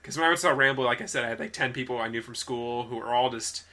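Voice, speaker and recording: Rambling young man with a bright voice. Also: mid-range voice, quick pace. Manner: rambling, self-correcting, laughs often. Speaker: podcast co-host. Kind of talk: casual movie chat.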